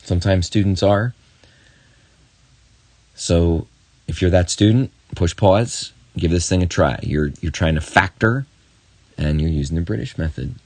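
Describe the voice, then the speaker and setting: Deep-voiced man teaching a math lesson. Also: darkish tone, no echo. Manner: encouraging, talks straight to the student with quick asides. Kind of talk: recorded video lesson.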